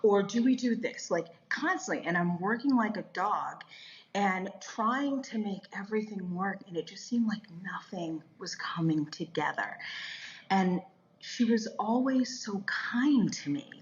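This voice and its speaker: Woman in her 50s telling a story, lively, laughs a lot, kinda dull lo-fi sound. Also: medium pitch, a little slow. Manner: animated, laughs often, acts out quoted voices. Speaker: guest. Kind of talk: personal storytelling on a faith podcast.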